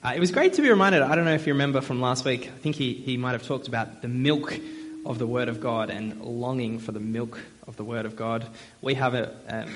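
A man's voice: medium pitch, a bit bright, a little hiss or hum. Conversational young man preaching a sermon. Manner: friendly, conversational, with frequent uh fillers.

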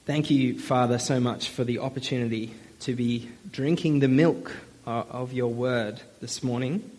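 A man's voice: medium pitch, steady tone, measured pace, a little mellow. A young man preaching a sermon in a friendly, conversational way, with frequent fillers.

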